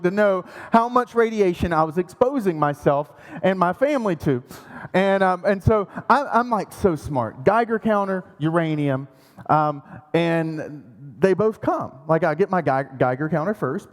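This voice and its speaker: A man's voice: sits high, animated, moderate pace. A man preaching a sermon in a church, telling a story with self-mocking humor and acting out sounds and his own panic. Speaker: pastor. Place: church hall. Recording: long hall reverb.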